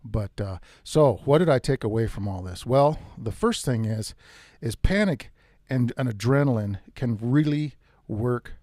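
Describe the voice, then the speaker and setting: A man telling a tense first-person hunting story in a casual, animated way, with some mild swearing. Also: mid-range voice, unhurried, dry recording, clean studio sound. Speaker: outdoors storyteller.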